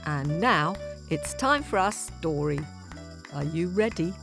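A woman's voice: low-pitched, lively intonation, takes it slowly, creaky, over music. A woman hosting a children's podcast, reading announcements and greeting kids in an upbeat, friendly way. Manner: bright, upbeat, kid-friendly. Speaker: podcast host. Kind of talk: scripted announcement.

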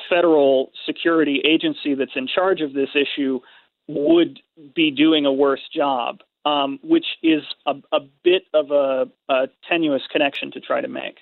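Measured man on a tinny phone line. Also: fairly high pitch, no room sound. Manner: measured, hesitant, with fillers. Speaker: polling guest. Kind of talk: radio interview over phone.

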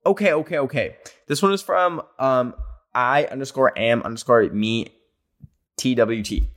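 A man's voice: medium pitch, big pitch swings, moderate pace. Chatty man hosting a solo podcast. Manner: chatty and rambling, often speeding up. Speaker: podcast host. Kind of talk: casual solo podcast, reading listener stories. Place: home near his garage.

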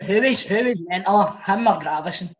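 Podcast host asking questions. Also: male voice, high voice, a little fast, muffled recording. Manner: relaxed questioning, swears casually. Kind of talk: casual chat.

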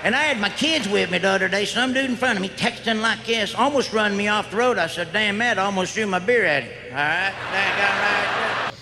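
A man's voice: high voice, brisk, creaky, pushed and bright, roomy sound, voice pushed up, exaggerated voice. A man playing a crude, rambling redneck in a stand-up character bit, with folksy griping.

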